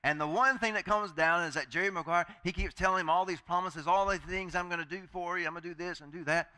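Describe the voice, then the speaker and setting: A man's voice: high voice, fast, sharp tone, smooth. A male pastor preaching a sermon in a chatty, joking way, acting out the voices he quotes.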